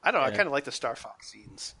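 A man with a bright, forward voice chats about games. He talks in animated bursts and often stops to restart. His pitch sits in the middle. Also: fast talker, slightly rough. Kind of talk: casual chat about video games.

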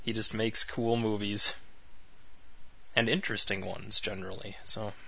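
A man's voice: on the low side, level tone, measured pace, gravelly, bright, forceful tone. A man co-hosting a casual talk show, blunt and opinionated, swearing casually. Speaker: podcast co-host. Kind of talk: casual chat.

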